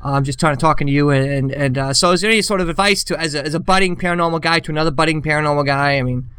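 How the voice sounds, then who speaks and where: A man's voice: fairly high pitch, racing, sharp tone, clear, resonant tone, no room sound. A man voicing an overexcited amateur ghost hunter who rambles and stumbles over his words. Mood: flustered. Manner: rambling, flustered, full of filler.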